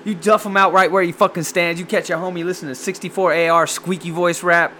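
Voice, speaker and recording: A man chatting casually and profanely as he reacts to music, excitable and rambling. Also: high-pitched, fast, a little hiss or hum. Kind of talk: casual chat.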